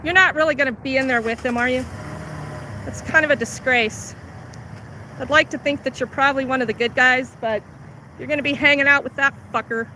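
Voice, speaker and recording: With street traffic roaring around her, a woman activist holds up her phone to record a homeless camp sweep and hurls angry, profane heckles at the workers. Her voice is high, bright and pushed, fairly even in intonation, and brisk.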